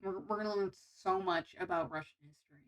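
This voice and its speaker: A woman's voice: mid-range voice, steady tone, fast talker, highs cut off. A young woman VTuber chatting casually with her stream viewers, playful and self-mocking, tripping over her words.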